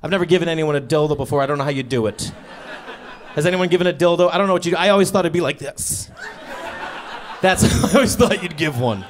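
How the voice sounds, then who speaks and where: A man with a high voice performs stand-up on a stage, speaking into a handheld mic. He tells his story in a sheepish, conversational way, breaking into exasperated outbursts. A faint murmur of the room sits behind him. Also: fast talker, a little hiss or hum. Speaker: stand-up comedian. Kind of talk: stand-up comedy set. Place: comedy stage before a live audience.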